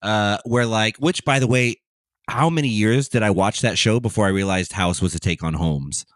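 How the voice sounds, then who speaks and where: A man co-hosting a film podcast, talking casually in an animated, joking way with quick asides. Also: on the low side, no room sound, clean studio sound. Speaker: podcast co-host.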